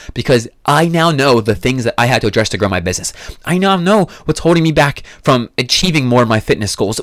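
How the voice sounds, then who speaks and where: A man's voice: on the high side, no room sound, studio quality. A man hosting a podcast, giving a blunt motivational monologue full of swearing and emphatic repeated phrases. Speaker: podcast host.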